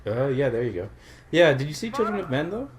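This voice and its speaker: A man's voice: a little high, big pitch swings, fairly quick, a crowd in the background. Chatty Canadian man playing a game. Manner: chatty, laughs often, gushing about films. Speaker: player and co-host. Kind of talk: casual let's-play commentary.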